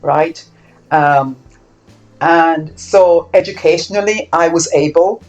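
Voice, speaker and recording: A woman's voice: low-pitched, slow, lo-fi sound, faint music behind. Older woman from Saint Kitts recalling her life. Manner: reflective, animated when acting out quoted exchanges. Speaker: interviewee. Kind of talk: oral history interview.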